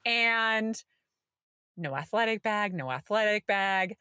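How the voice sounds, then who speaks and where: Woman co-host, chatty and animated, mid-pitch, recorded dry and close. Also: takes it slowly, smooth, no echo. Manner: animated storytelling, acting out quoted voices. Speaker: podcast co-host. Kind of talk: casual podcast chat.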